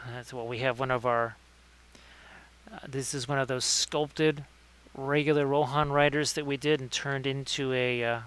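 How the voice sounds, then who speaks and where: A man's voice: medium pitch, a bit bright, clean tone. A man hosting a casual livestream painting tutorial, chatting with viewers by name between painting tips. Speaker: miniature painting streamer.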